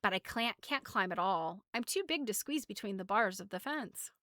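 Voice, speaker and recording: A woman voicing a big, boastful but gentle male storybook beast who talks in a proud, earnest way. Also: medium pitch, animated, normal speed, no echo, clean studio sound, natural voice.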